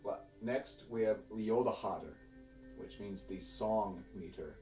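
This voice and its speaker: A man's voice: lowish voice, takes it slowly, dark tone, echoey room, faint music behind. Man teaching poetry from a distance. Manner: patient, methodical, with small restarts. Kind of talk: explanatory lesson.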